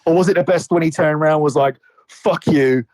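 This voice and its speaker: A man's voice: fairly high pitch, fairly even intonation, very fast, a little mellow, slight background noise, poor audio. A man in casual podcast chat about wrestling, rambling and swearing a lot with many restarts. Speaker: podcast co-host.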